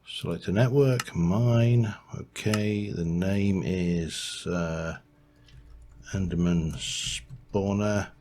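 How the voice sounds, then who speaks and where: Low, unhurried gaming narrator. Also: male voice, a little mellow, slight background noise. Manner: rambling, thinks aloud, hums to himself while building. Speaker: let's play host. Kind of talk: gameplay commentary.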